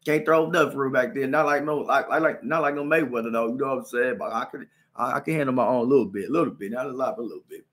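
A young man hosting a podcast, telling a story in casual chat, animated and slang-heavy, acting out punches with sound effects. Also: medium pitch, racing. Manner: slang-heavy, repeats "you know what I'm saying". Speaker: podcast host.

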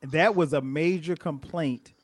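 A man's voice: a little high, unhurried. A middle-aged man co-hosting a podcast, chatting casually about a movie and thinking aloud with many restarts. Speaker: podcast co-host.

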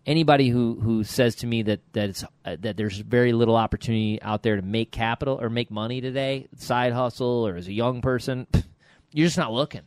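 Lively middle-aged man, dry close sound. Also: mid-range voice, a little fast, dry recording. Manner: lively storyteller, animated quotes. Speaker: podcast co-host. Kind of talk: casual podcast chat.

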